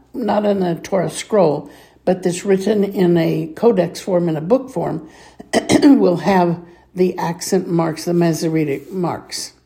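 Slow, patient woman teaching reading. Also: lowish voice, mellow. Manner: patient, clears throat often, sounds words out slowly. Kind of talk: slow reading lesson with repeat-after-me drills.

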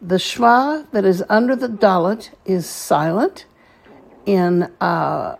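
A woman teaching a language lesson, patient and deliberate, repeating each word slowly for learners. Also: medium pitch, vocal fry. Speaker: Hebrew teacher. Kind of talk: slow spoken lesson.

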